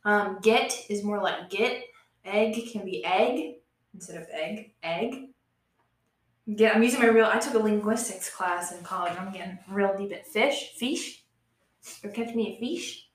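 A young woman, chatting casually as a podcast co-host and telling animated stories with frequent laughs. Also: mid-range voice, moderate pace, reverberant. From West Virginia. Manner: laughs often, animated storytelling. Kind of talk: casual chat.

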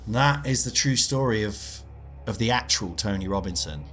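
A man telling a comic story in a meandering, deadpan way, stopping to add details he forgot. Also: on the low side, moderate pace, over music. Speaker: comedian guest.

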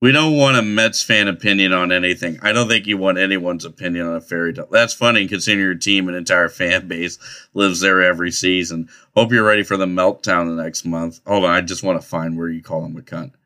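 A man's voice: low-pitched, fairly even intonation, brisk, pushed and bright. A man hosting a podcast, chatting casually about baseball with profane, teasing, rambling talk. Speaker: podcast host. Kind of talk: crude casual chat.

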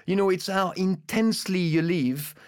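A man with a French accent chats as co-host, his voice smooth and clear and pitched a touch high. He speaks earnestly and in a reflective way, letting his thoughts run on in long musing stretches. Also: moderate pace. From France. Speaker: podcast co-host. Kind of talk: casual chat.

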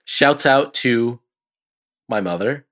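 A man co-hosting a casual sports podcast, chatty and quick to laugh. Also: medium pitch, animated, fairly bright tone. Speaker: podcast co-host.

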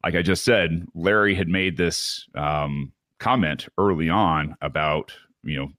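A man's voice: low-pitched, a little slow, a bit bright, no echo, clean studio sound. A man from Michigan hosting a podcast, telling a candid, rambling story in a casual solo recap. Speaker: podcast host.

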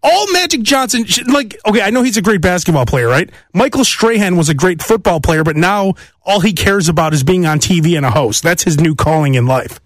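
A man's voice: high voice, animated, brisk, few pauses, no echo, studio quality. A man hosting a podcast, ranting in brash, profane casual chat. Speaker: podcast host.

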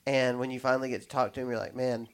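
A man's voice: mid-range voice, rapid-fire, clear, resonant tone. A man hosting a podcast, chatting in a rambling, story-telling way with many restarts. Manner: rambling, restarts often, animated when telling stories. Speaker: podcast host. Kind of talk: casual podcast chat.

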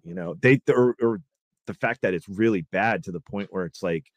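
Deep voiced podcast host guy, rambly and sweary, dry close sound. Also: normal speed, dry recording, muffled recording. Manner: rambling, profane, many fillers. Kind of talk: casual podcast chat.

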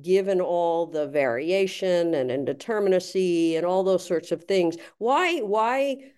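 Female interviewer, low smooth voice, halting questions full of fillers. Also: lively intonation, darkish tone.

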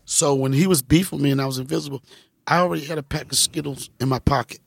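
A male comedian telling a story in a relaxed chat, acting out the people he quotes. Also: a little high, quick pace, vocal fry, husky, no room sound. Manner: animated, acts out the people he quotes. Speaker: comedian and guest.

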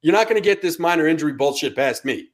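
A man's voice: fairly high pitch, expressive, fast talker. A man with a New York accent, co-hosting a sports podcast in casual chat, ranting heatedly and swearing. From Connecticut. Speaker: podcast co-host.

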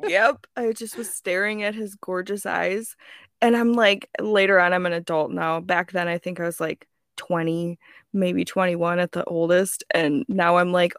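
A woman's voice: mid-range voice, normal speed, a bit bright, no echo, clean studio sound. A woman in her twenties on a podcast, telling a rambling story with lots of giggles. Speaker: podcast co-host. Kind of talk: casual storytelling chat.

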